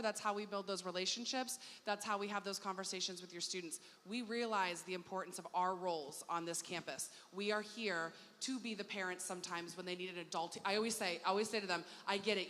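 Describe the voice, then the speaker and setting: A woman's voice: on the low side, steady tone, quick pace, hardly any pauses, fairly bright tone, a little hiss or hum. A woman staff member hosting an orientation panel, motherly and reassuring in manner. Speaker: staff moderator. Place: performing arts hall. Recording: long hall reverb, faint ambience.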